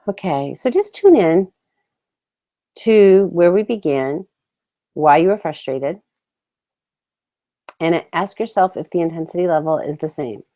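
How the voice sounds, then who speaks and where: A woman teaching emotional tapping, leading slow, calm phrases for listeners to repeat after her. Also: fairly low pitch. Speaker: tapping instructor. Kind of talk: guided tapping lesson.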